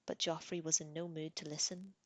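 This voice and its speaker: Low, soft-spoken woman reading aloud. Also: little pitch movement, fairly quick, no echo. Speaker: reader.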